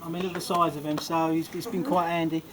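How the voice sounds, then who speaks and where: A man's voice: a little high, flat delivery, quick pace. A man giving a jokey, rambling best man's speech at a wedding reception. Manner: jokey, rambling, often laughing. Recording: loud background noise at a reception.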